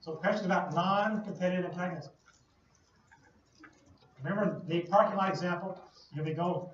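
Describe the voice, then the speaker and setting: Man, high voice, lecturer, playful analogies, distant, echoey hall, dull lo-fi sound. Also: fairly quick. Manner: playful, uses everyday analogies, asks the class questions. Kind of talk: classroom lecture. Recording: distant, echoey lo-fi classroom recording.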